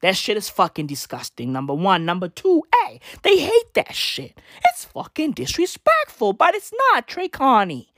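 A woman's voice: medium pitch, huge pitch swings, normal speed, few pauses, a bit bright, no echo, clean studio sound. A woman delivering a rambling, profane comic rant full of slang, breaking into mocking voices and laughter.

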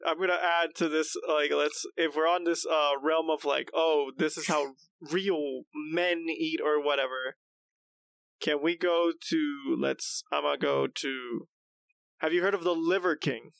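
A young man with a gravelly, slightly higher voice joins in teasing podcast banter. He reads text aloud in a mocking tone. The sound is dry and close. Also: steady tone, unhurried, fairly bright tone, no room sound. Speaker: podcast co-host. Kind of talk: casual chat.

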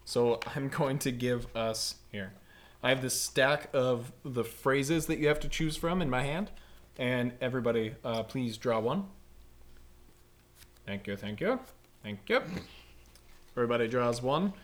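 Animated man telling a rambling story. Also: medium pitch, unhurried, pauses often. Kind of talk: casual chat storytelling.

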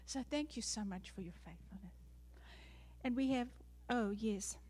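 A woman's voice: on the high side, measured pace, darkish tone, slightly rough. A middle-aged woman with a South African accent, a missionary speaking earnestly to a church congregation, often laughing lightly. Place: church sanctuary.

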